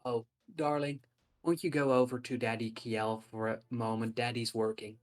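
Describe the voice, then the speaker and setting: A man's voice: mid-range voice, little pitch movement, moderate pace, lightly acted. A man voicing a crew member who sweetly coaxes a child away. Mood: coaxing.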